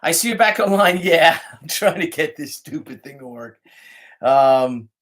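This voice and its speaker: A middle-aged man with a New York Italian-American accent and a slightly higher voice for a man. He rambles through a casual livestream from his phone, swearing freely and calling out hellos to viewers by name. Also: lively intonation, a little slow, fairly bright tone. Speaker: comic artist hosting a livestream. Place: indoors, home studio with art supplies.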